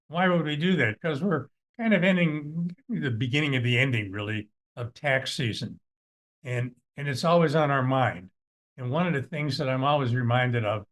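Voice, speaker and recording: A middle-aged man talks about money in a relaxed, storytelling way. His voice sits at a middle pitch. He acts out the people in his stories with animated voices. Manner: folksy, anecdotal, with animated quoted voices. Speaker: financial advisor hosting a video series. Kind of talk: casual talk to camera, storytelling.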